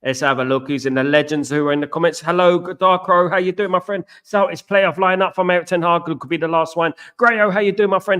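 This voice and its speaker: A man's voice: a little high, a bit bright, clean tone. A man hosting a live football watchalong stream, talking casually and at length to his viewers, repeating himself and asking them questions. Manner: rambling, repetitive, asks viewers questions.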